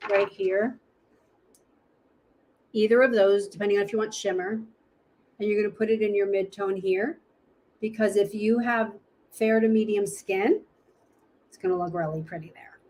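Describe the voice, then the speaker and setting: Woman presenter, casual live makeup demo, chatty, thinks out loud, mid-pitched voice. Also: a little hiss or hum. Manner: chatty, thinking aloud while searching for products.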